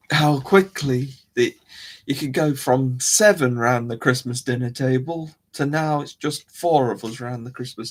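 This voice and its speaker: A man hosting a casual livestream, rambling to his chat and often trailing off and restarting his sentences. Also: medium pitch. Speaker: livestream host. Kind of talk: casual live-stream chat.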